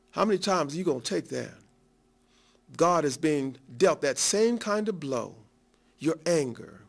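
Guy with a high voice preaching, keeps saying glory to god, acts out little scenes. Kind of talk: sermon.

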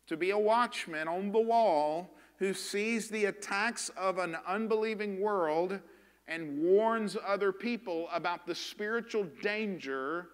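A Southern US pastor preaches with earnest emphasis, asking his congregation questions as he drives each point home. His voice sits high and sounds bright and forceful. The sound carries a long reverb from the church sanctuary. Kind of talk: sermon.

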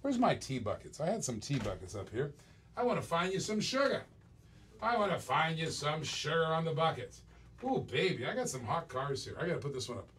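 A man running a live toy car auction on a stream, rattling off bids in a running patter. His voice sits a little higher than most men's, and he keeps up easy banter with the chat as he works. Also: very animated, brisk, fairly bright tone, slight background noise.

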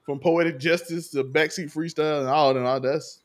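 A man's voice: a little high, steady tone, fairly quick. A man in his thirties hosting a podcast, chatting casually and animatedly, laughing often and acting out quotes. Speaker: podcast host. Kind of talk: casual chat.

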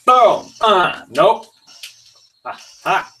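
Male livestreamer, profane and explosive; very animated pitch, heard from a distance with faint noise. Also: very slow. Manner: profane, yelling outbursts at the game. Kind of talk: gaming livestream commentary.

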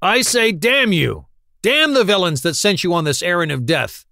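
A man reading aloud and voicing a frantic, shouting Frenchman raging at soldiers. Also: a little high, animated, moderate pace, dry recording, clean studio sound. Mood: ranting. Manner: shouting, agitated. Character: frantic French male pacifist ranting at soldiers.

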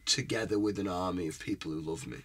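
A man's voice: sits low, fast talker. A young man, a musician guest in a casual interview, talking earnestly in long rambling runs and often asking whether he is understood. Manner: earnest and rambling, often asks "you know what I mean?".

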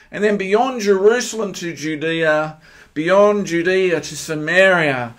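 A man with an Australian accent delivers a sermon in a fairly high voice. He preaches emphatically, pressing his listeners with question after question. His pitch and volume leap up suddenly on key points. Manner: emphatic, asks the listeners many rhetorical questions; animated, with sudden jumps in pitch and loudness. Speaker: pastor.

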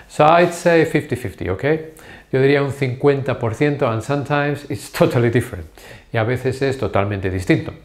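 A man teaches a vocabulary lesson, switching between two languages. He says each word slowly and carefully, often checks in with the listener, and speaks at a middle pitch. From Spain. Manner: slow, deliberate pronunciation of words. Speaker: Spanish teacher.

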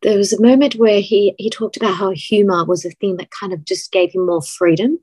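A woman's voice: mid-range voice, fairly even intonation, brisk, warm tone, slightly rough, no room sound, rough recording. A woman asking a question in a live session, hesitant with many fillers.

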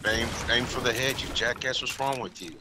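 A man's voice: medium pitch, brisk, background noise. A man trash-talking and teasing friends while playing a shooter game. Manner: loud, teasing trash talk. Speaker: gamer. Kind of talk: casual chat while gaming.

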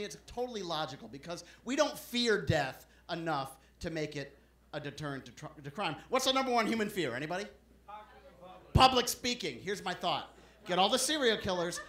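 Lively high-voiced male stand-up comic. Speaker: stand-up comedian. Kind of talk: stand-up comedy set. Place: comedy club stage. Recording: roomy club recording with background noise.

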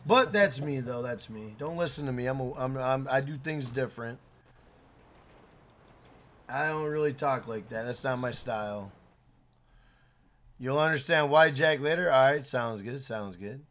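A man live-streaming a video game, talking loudly to his chat with swearing and shout-outs. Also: mid-range voice, measured pace, long pauses, a little hiss or hum.

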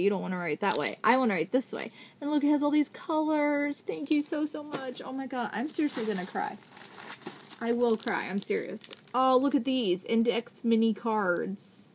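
A woman in her thirties gushing with excitement as she unboxes craft supplies in a casual vlog, thanking the sender again and again. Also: fairly high pitch, a little hiss or hum. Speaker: vlogger unboxing craft mail.

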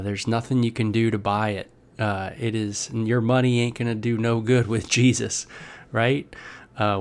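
A man giving a casual, conversational Bible devotional. He reads scripture aloud and comments on it with many fillers. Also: on the low side. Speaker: Bible teacher.

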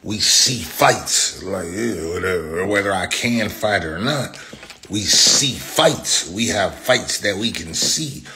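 A man's voice: deep voice, animated, a little slow, pushed and bright, a little hiss or hum. A young man in a profane, taunting rant, repeating his insults over and over. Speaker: social media commenter. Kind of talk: angry rant.

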